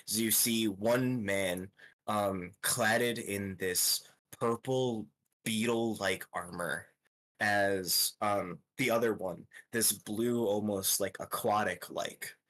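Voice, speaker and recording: A young man narrating a tabletop game as game master, with many pauses and fillers. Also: on the low side, a bit bright. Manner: hesitant, lots of ums, slow descriptive pacing.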